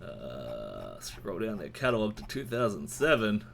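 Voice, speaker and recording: A man reviewing new albums in a casual, rambling and sweary way, with sudden jumps in pitch. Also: huge pitch swings, unhurried, gravelly, slight background noise. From Australia. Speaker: music reviewer. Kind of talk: casual monthly album roundup.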